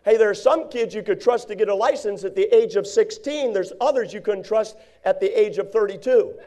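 Reading aloud from the King James Bible, a male preacher delivers his sermon in a warm, mellow voice that sits high. Now and then he briefly imitates the figures he describes.

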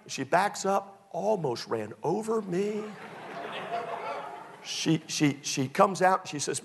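A man preaching a sermon, telling stories with big swings from loud to hushed. His voice is husky and gravelly, and his pitch moves widely. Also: lively intonation, slow, some chatter behind. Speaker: pastor.

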